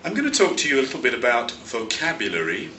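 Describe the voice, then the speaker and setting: A man from London, a teacher explaining vocabulary in a clear, measured lesson, stressing key words. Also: medium pitch, big pitch swings, bright, forceful tone, far from the mic, slight background noise. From London, England. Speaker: English teacher and teacher trainer. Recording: roomy echo, slightly off-mic.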